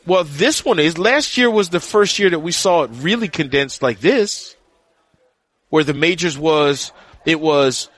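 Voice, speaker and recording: A man co-hosting a casual golf podcast, talking in animated, teasing bursts. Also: a little high, a little slow, dry recording. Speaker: podcast co-host and golf reporter. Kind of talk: casual sports podcast chat.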